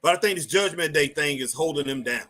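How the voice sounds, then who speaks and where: Brisk, bright and forceful, with a voice on the high side, a man hosts an informal live wrestling chat. He rambles loosely, repeats phrases, and speaks to his chat viewers.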